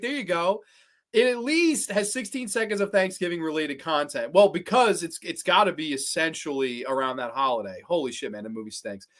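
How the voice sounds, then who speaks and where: A podcast host on a livestream ranks horror films, chatting casually in a mid-range, fairly bright voice. He's blunt and profane, rambling through opinions and answering viewers with frequent restarts and trailing asides.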